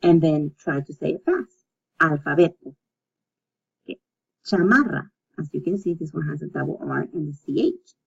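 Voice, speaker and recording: A woman teaching a recorded language lesson, speaking slowly and patiently and repeating words so learners can practice. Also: deep voice, vocal fry, a little mellow, husky. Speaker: Spanish teacher. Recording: dull lo-fi recording.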